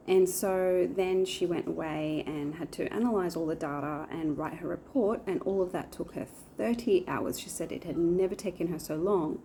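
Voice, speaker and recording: A woman's voice: fairly low pitch, moderate pace, hardly any pauses, dark tone, a little hiss or hum. A woman in her forties chatting casually to camera in a rambling way, with lots of fillers. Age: 40s. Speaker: vlogger. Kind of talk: casual chat.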